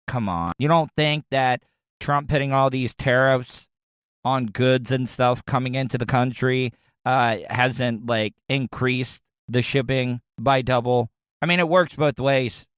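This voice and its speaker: A man's voice: mid-range voice, unhurried, a bit bright, clear, resonant tone, dry recording, studio quality. Crude, rambling Florida man podcaster. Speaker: podcast host. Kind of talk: casual comedic commentary.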